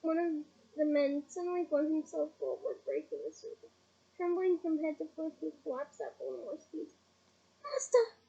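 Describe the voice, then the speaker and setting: Woman reader, high mellow voice, unhurried, deliberate storytelling, dull lo-fi recording. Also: gravelly. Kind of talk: audiobook reading.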